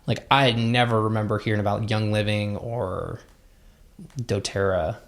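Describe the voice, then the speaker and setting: Casting: mid-pitched co-host with a gravelly fry, relaxed podcast banter. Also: normal speed. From Utah, United States. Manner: chatty, agreeable, lots of "like" and "um". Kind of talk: casual chat.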